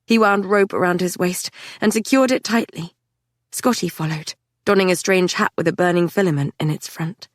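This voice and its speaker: A woman narrating a dark fantasy story in the first person, with an intense, measured delivery. Her voice sits low, and the recording is dry and close, with no room around it. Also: no room sound. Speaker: audiobook narrator.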